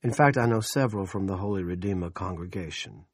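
A man voicing a smug, scheming middle-aged male town politician who speaks slowly and condescendingly. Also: low voice, slightly rough, dry recording, clean studio sound. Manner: slow, condescending and self-satisfied.

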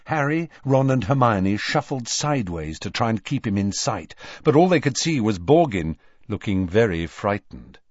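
A man narrating a storybook aloud in a measured, expressive reading. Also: fairly low pitch, no room sound, highs cut off. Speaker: audiobook narrator. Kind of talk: scripted narration.

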